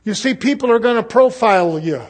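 A man's voice: very high-pitched, animated, fairly quick. A man preaching a sermon at a church service, throwing fervent rhetorical questions to the congregation.

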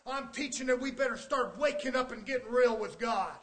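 A man preaching a sermon, swinging between hushed low passages and loud shouted preaching. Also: normal speed, hardly any pauses.

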